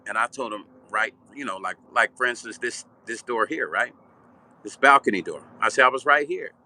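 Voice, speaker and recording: A man's voice: fairly low pitch, normal speed, slight background noise. An older man from Chicago telling a personal story in a vivid, blunt, street-style way. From Chicago, Illinois. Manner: vivid, animated storytelling, repeating "right?". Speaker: vlog host and musician.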